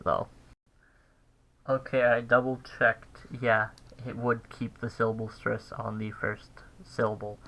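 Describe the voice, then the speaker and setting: A man giving a casual recorded language lesson, thinking aloud with pauses and restarts. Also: fairly low pitch, fairly bright tone, low-quality recording. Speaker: language teacher.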